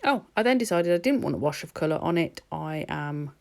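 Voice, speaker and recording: A woman's voice: sits low, lively intonation, fairly quick, creaky. A woman narrating her nail art in a chatty, rambling voice-over recorded at home. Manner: chatty and rambling, with laughs and ums.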